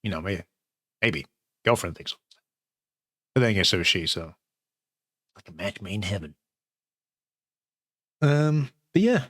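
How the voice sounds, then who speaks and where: A man's voice: low voice, moderate pace, long pauses, sharp tone, no echo, studio quality. A man, hosting his new channel in rambling, sweary casual chat from home.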